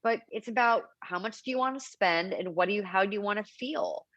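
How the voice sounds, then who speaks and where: A middle-aged cannabis advocate tells stories in an interview, animatedly acting out what people said in her anecdotes. Her voice is medium-pitched and brisk, and the highs are cut off.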